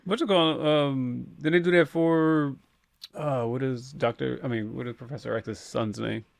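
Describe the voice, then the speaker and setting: A man with a gravelly, creaky edge to his voice, chatting easily on a podcast. He is laid-back and slangy, and laughs a lot. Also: mid-range voice, steady tone, normal speed. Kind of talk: casual chat.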